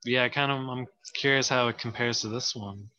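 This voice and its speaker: A man's voice: mid-range voice, fairly even intonation, a little fast, bright, forceful tone, muffled recording. A man co-hosting a casual podcast chat, joking and stumbling over his words with frequent laughs. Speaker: podcast co-host.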